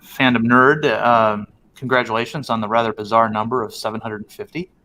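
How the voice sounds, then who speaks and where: A man's voice: medium pitch, steady tone, a little fast, sharp tone, a little hiss or hum. A man joining a casual online panel chat, chatty and teasing, laughing often. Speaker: panel guest.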